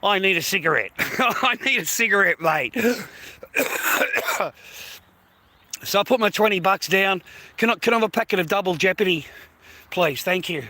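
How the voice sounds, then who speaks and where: A high-pitched Australian man rants to his livestream viewers, swearing freely and circling back to the same points. His voice is bright and sharp-edged, and his blokey talk runs on and on. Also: lively intonation, unhurried, long pauses. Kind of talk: rambling rant to viewers.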